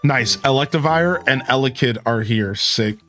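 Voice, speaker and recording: Over soft background music, a man streams a game with casual commentary. He says "dude," greets chat, and hums along, his mid-range voice sharp in tone at normal speed.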